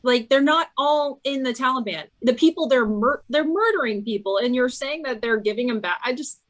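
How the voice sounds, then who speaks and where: A woman's voice: high voice, lively intonation, normal speed, poor audio. Blunt, scornful woman podcast co-host. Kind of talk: casual political chat.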